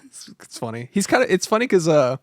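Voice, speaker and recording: A man's voice: fairly high pitch, very animated, fast talker, no echo, studio quality. A man co-hosting a movie podcast, chatting casually and swearing freely as he retells anecdotes. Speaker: podcast co-host. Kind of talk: casual film chat.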